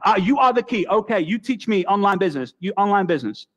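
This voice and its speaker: A man's voice: sits high, animated, pitched above the performer's own voice. Man putting on a blunt Russian businessman. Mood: clipped. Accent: put-on Russian. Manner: halting broken English.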